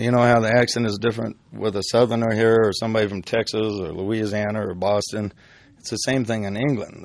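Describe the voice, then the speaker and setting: A man's voice: on the low side, no room sound. An older man and hypnotist casually recounting his experiences, rambling with restarts and fillers. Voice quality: gravelly. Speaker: hypnotist telling stories. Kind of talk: casual storytelling.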